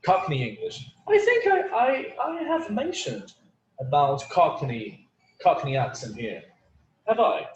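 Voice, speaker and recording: A man's voice: a little high, huge pitch swings, measured pace, a little hiss or hum. A man teaching an online English class, native Portuguese speaker, chatty and full of "like" and "you know". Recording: echoey room with faint ambience.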